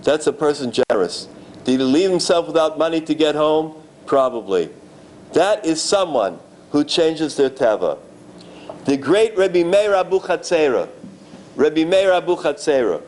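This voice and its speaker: A rabbi giving a dramatic storytelling sermon at a synagogue gala. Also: male voice, fairly high pitch. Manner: animated, dramatic preacher.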